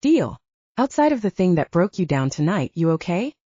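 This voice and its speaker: A woman's voice: lowish voice, big pitch swings, normal speed, dark tone, breathy edge, no room sound, highs cut off. A woman narrator voicing a blunt, bubbly, teasing young woman as the best friend in an audiobook. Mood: coaxing.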